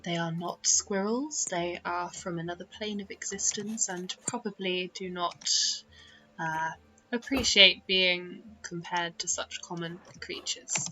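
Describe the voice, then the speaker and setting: A woman voicing a gentle, pink-eyed male fey creature in a tabletop game, speaking calmly and formally. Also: medium pitch, slow, soft background music, rough recording. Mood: serene. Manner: calm, formal and patient. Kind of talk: tabletop game role-play.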